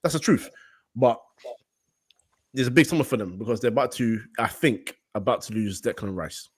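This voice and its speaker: A laid-back man chats as a podcast guest, joking and filling pauses with ums. His mid-pitched voice sounds dry and close. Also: expressive, slightly rough, no room sound. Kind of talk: casual chat.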